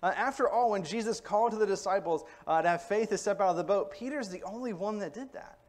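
A man's voice: high-pitched, quick pace, darkish tone. Conversational male preacher giving a sermon. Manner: conversational, explanatory, asks the congregation "okay?". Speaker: pastor. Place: church.

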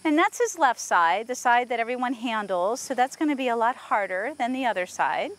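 A woman horse trainer working a horse outdoors, explaining to viewers and softly praising the horse as she goes. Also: on the high side, normal speed. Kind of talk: instructional training video.

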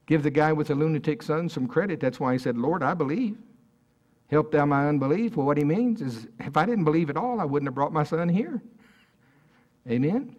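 A man's voice: on the high side, animated, brisk, a little mellow. A man preaching a sermon at a church service in a conversational way, often asking the congregation questions.

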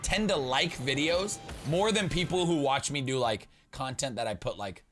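A young man chatting loosely to his viewers while playing, with a bright, forward tone and a voice that leaps up and down constantly. He rambles and jokes, now and then bursting into loud goofy shouts. Faint music plays underneath. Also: mid-range voice, animated, normal speed. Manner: rambling, joking, swings into loud playful outbursts. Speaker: gaming YouTuber. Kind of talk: casual gaming commentary.

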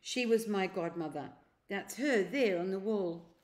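A woman reading a storybook aloud and voicing a scheming elderly uncle who speaks in a slow, coaxing, secretive way. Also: mid-range voice, darkish tone, natural voice. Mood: sly.

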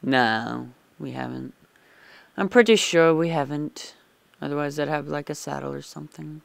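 A let's play gamer talks in a fairly high, vocal-fried voice at a moderate pace, recorded dry. His casual gameplay commentary is rambling and chatty, and he startles easily.

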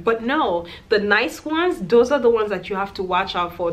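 A young woman vlogging straight to camera and recounting a personal story. She talks candidly and animatedly, with plenty of fillers, at a middle pitch for a woman. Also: expressive, moderate pace, fairly bright tone.

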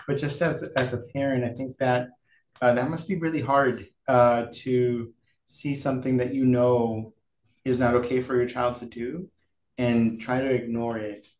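A man speaking as a parent voices his concern slowly and haltingly. He sounds distant in a roomy space, with a faint hiss of background noise. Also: mid-range voice, steady tone, a little mellow. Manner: hesitant, halting. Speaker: parent in the audience.

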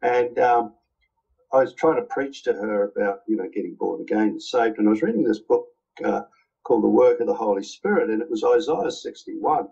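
Guy with a husky voice telling his deliverance testimony, all worked up, kinda dull lo-fi sound. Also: fairly low pitch, fairly quick. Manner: vivid, excited storytelling. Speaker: deliverance minister. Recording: dull lo-fi recording.

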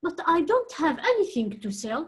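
A woman's voice: sits high, big pitch swings, fairly quick, voice pushed up. A woman voicing a kind middle-aged woman who bakes, read aloud from a storybook. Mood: worried. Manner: plain storybook reading.

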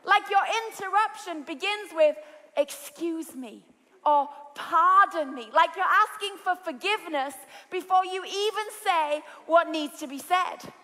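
A British woman preaching a sermon, telling stories with lively energy and rising to shouts. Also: very high voice, measured pace, few pauses. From Britain. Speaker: pastor. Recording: large hall with long reverb.

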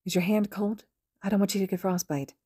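A woman voicing a gentle teenage boy who soothes a friend in soft, stammering reassurance. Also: mid-range voice, steady tone, brisk, husky, no room sound, clean studio sound, voice pushed up, natural voice. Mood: comforting.

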